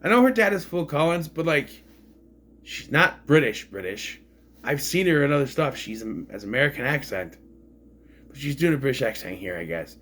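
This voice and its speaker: Animated, rambling man ranting about a movie. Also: medium pitch, normal speed. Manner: rambling, frank, swears freely, exasperated complaints. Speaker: movie reviewer. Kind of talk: casual spoken film review.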